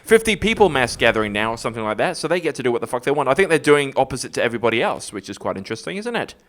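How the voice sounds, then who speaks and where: A man's voice: medium pitch, very fast. A middle-aged man co-hosting a casual podcast, joking and swearing freely as he talks. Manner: jokey, animated, swears freely. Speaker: podcast co-host.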